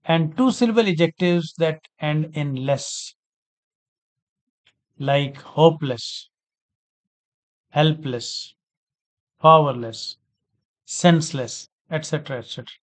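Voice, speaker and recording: A man teaching an English grammar lesson, speaking deliberately, repeating words and spelling out letters. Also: fairly high pitch. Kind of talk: slow spoken grammar lesson.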